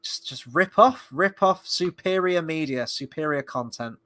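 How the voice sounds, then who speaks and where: A man's voice: fairly high pitch, animated, unhurried, pushed and bright. A man giving a casual spoken review of a TV episode, rambling and sarcastic, with frequent fillers and restarts. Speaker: film and TV reviewer.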